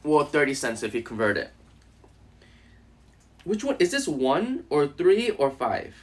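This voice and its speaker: A man's voice: a little high, wildly swooping pitch, unhurried. A man hosting a casual live stream while eating, joking and laughing often with his chat.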